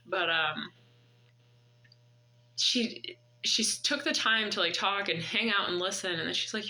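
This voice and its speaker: A vlogger in her thirties tells a personal story in an earnest, reflective, faith-driven way. Her medium-pitched voice sounds pushed and bright, she speaks unhurriedly with frequent pauses, and the audio quality is poor.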